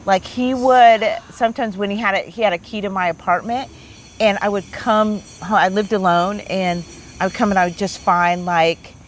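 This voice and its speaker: A woman in her fifties, a therapist hosting, telling a personal story in a relaxed, animated chat. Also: medium pitch, moderate pace, slight background noise. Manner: chatty, animated storyteller with many "like"s. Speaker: therapist and host.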